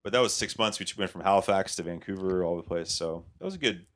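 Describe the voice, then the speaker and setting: A man's voice: sits low, fast talker. A man from Canada who writes for comedy shows, telling rambling stories in casual podcast chat, swearing freely. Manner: rambling, swears freely, quotes people in voices.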